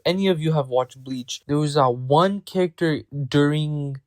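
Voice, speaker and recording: A man's voice: a little high, normal speed, no room sound. Slangy young man reviewing manga. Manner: slangy, offhand, self-correcting. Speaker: manga review channel host. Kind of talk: casual spoken review.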